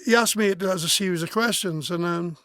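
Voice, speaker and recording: A man's voice: sits high, fairly quick, a bit bright, no room sound, clean studio sound. A man in his forties from Wales, a musician guest telling a personal story frankly and bluntly, acting out remembered conversations. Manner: frank, blunt, swears, acts out remembered dialogue.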